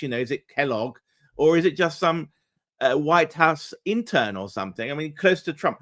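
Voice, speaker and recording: A man giving casual political commentary, animated and sarcastic, his voice jumping up when indignant. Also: a little high, moderate pace.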